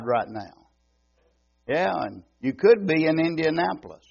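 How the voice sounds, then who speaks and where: Slow-drawling older East Texas preacher. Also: male voice, on the high side, big pitch swings, creaky, breathy edge, dull audio. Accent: East Texas Southern. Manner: homey, joking, unhurried drawl. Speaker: visiting preacher. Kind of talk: folksy sermon. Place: church sanctuary.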